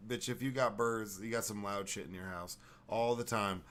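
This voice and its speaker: A man with a lowish voice chats on a podcast. He rambles through stories with plenty of swearing. Faint noise sits behind him. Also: normal speed, a bit bright. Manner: rambling, profane, storytelling. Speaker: podcast host. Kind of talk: casual podcast chat.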